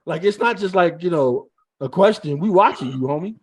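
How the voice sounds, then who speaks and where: A man's voice: high-pitched, animated, moderate pace, husky. A man hosting a casual online panel chat, teasing guests with mock interrogation and stammering restarts. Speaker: show host.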